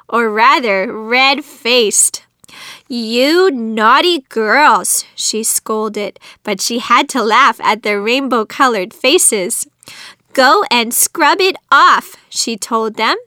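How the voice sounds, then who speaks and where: A woman reading a children's storybook aloud, clear and expressive, in scripted narration on a close studio mic. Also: fairly high pitch, dry recording.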